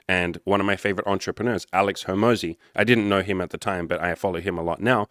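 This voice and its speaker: A man's voice: low-pitched, fairly even intonation, quick pace, hardly any pauses, fairly bright tone, dry recording, clean studio sound. A man, a life coach, telling a story in a casual monologue, blunt and emphatic with heavy swearing.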